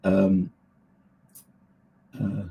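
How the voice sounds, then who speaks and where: A man's voice: deep voice, monotone, extremely slow, gravelly, lo-fi sound. A man hosting a livestream, chatting casually and answering viewers with many fillers and laughs. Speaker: livestream host reading chat. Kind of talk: casual chat.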